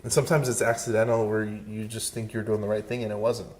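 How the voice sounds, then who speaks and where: A man co-hosting a podcast, speaking in a reflective, measured way. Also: on the low side, flat delivery, darkish tone. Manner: reflective and measured, with frequent restarts. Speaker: podcast co-host. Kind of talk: casual podcast conversation.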